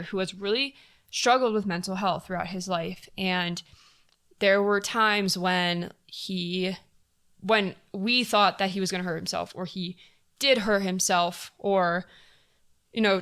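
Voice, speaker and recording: Young woman guest, bright tone, candid and casual, swears freely. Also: mid-range voice. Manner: candid, frequent fillers and swearing. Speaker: podcast guest. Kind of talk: casual personal storytelling.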